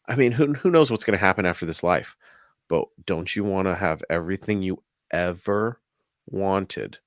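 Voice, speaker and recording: Low-voiced man laughing through casual chat. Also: normal speed, dry recording, clean studio sound. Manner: laughs often, loose and profane. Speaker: podcast co-host.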